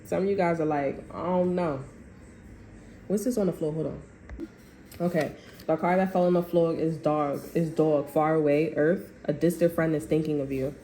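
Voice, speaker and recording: A woman's voice: low voice, fairly even intonation, normal speed, warm tone. A woman giving a casual tarot reading, rambling in loose slang and acting out what people say. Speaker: tarot reader. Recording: echoey room with faint background noise.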